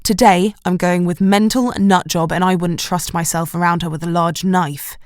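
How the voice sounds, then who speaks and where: A woman reading a romance audiobook in first person, in a wry, expressive storytelling manner. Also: lowish voice, normal speed, few pauses, dry recording, studio quality. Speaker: audiobook narrator. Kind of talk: first-person scripted narration.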